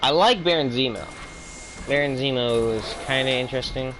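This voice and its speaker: A man's voice: mid-range voice, moderate pace, background noise. A man giving a heated, profane opinion rant as a video reviewer. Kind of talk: ranting opinion commentary.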